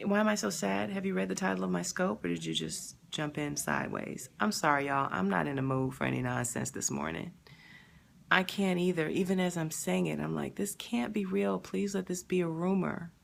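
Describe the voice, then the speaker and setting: A woman hosting a live stream, talking emotionally and haltingly, sad and near tears, pausing to answer viewer comments. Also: on the low side, vocal fry, slight background noise. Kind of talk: grieving live stream reaction.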